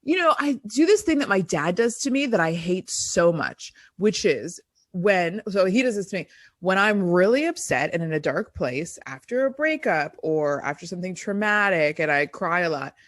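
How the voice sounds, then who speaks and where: A woman co-hosting a podcast, telling stories in a casual, animated way with plenty of swearing. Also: fairly low pitch, normal speed. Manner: animated storyteller, acts out quotes, swears freely. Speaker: podcast co-host. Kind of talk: casual chat.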